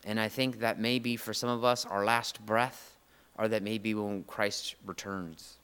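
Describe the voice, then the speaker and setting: A man's voice: lowish voice, steady tone, a little slow, a bit bright, clean tone, big-room sound. A man preaching a sermon, earnest and emotional, often restarting his phrases.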